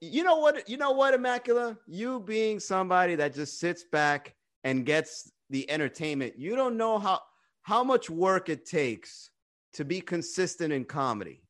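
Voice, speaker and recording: Profane, teasing comedian on a phone stream. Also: male voice, high voice, lively intonation, normal speed, fairly bright tone. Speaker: stand-up comedian and livestream host. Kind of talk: casual livestream chat and roasting.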